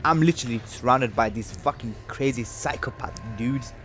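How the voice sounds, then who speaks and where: In a horror game let's play, a young male gaming commentator swears nonstop, jumps at things, and yelps and shouts in panic. His pitch is medium and his speed normal, with noise in the background.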